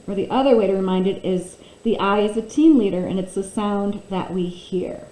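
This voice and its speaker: Woman, phonics teacher, slow clear letter sounds, warm tone, roomy echo. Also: medium pitch. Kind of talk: phonics lesson for children. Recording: echoey room.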